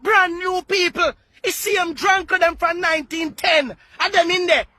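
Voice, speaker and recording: A Jamaican man with a very high, bright, forceful voice launches into a fiery political rant. He often breaks into shouting and hammers his points home by repeating words. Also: moderate pace, no echo. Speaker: political activist.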